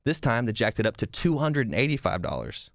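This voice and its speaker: Young man, podcast host, casual storytelling, rambling, animated, swears a lot, mid pitch, dry close sound. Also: brisk, no room sound.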